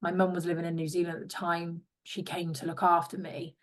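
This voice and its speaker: A chatty young woman from England talks as a podcast guest in a lowish voice. She tells her story with lively bits of quoted dialogue, voicing the people she remembers. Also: fairly quick. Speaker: guest, former rugby player. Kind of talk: casual interview chat.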